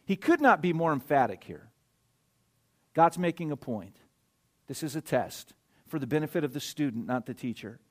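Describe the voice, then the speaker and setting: Male preacher, slightly high voice, emphatic sermon delivery with loud stresses and soft asides. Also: big pitch swings, moderate pace, pauses often. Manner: emphatic, swings between loud stresses and quiet asides, checks in with listeners. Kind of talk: sermon with scripture reading.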